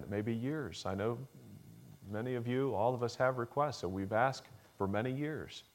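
A male pastor delivering a Sunday sermon in an earnest voice of ordinary middle pitch. He presses hard on key phrases, then lets his voice fall low and quiet. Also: normal speed. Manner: earnest, builds to emphatic peaks then drops low and soft; acts out a child's pleading voice in a story.

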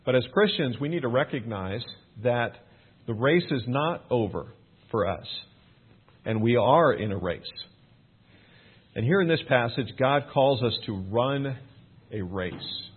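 Husky-voiced pastor preaching conversationally. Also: male voice, medium pitch, expressive, unhurried. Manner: plain, conversational preaching that builds to emphatic points. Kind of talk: conversational sermon. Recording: thin phone-like sound.

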